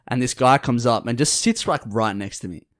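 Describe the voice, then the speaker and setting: A young man, chatting easily as a podcast co-host. His voice sits at an ordinary middle pitch. He tells stories in a loose, laid-back way and slips into the voices of the people in them. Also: moderate pace. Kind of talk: casual chat.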